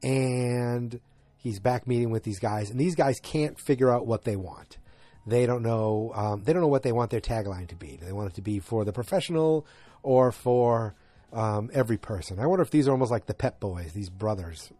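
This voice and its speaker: A man's voice: medium pitch, lively intonation, moderate pace, dark tone, dry recording. A man from north of Boston with a slight Boston accent, recapping a TV episode in a casual, rambling way with jokey asides. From north of Boston, Massachusetts. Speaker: podcast host.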